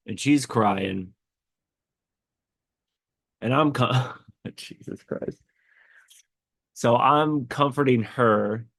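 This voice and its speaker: A man's voice: mid-range voice, gravelly, a bit bright, no room sound. A man hosting a podcast, telling a personal story in a rambling way with many fillers and restarts, tearful and choked up. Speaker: podcast host.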